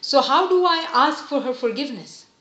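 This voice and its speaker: A woman giving an earnest, gentle religious lesson, explaining each point patiently. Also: high-pitched, expressive, brisk. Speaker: religious teacher. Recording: roomy, slightly dull recording.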